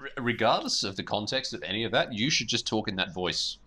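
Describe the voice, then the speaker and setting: Deep-voiced man with a sharp, bright tone. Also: lively intonation, fairly quick. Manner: wry, inquisitive, chatty reactions. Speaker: podcast co-host. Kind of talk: casual chat.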